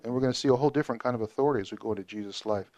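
A man teaching a Bible study group in a casual, animated way, joking and asking questions. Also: mid-range voice, rapid-fire.

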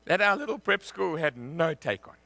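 A middle-aged man preaching a sermon, telling a lively story that he often breaks into with shouts and laughter. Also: on the high side, moderate pace, creaky. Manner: animated, shouting and laughing through anecdotes.

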